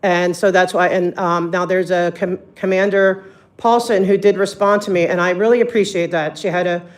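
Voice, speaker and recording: Someone makes a public comment at a meeting, rambling and hesitating with frequent ums in a flat, even tone. The voice is mid-range and the pace moderate.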